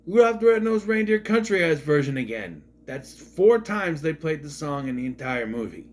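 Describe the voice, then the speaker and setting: A man's voice: on the high side, sing-song, normal speed. A man, a father, reviewing a movie in a rambling, sarcastic, casual monologue, often repeating himself.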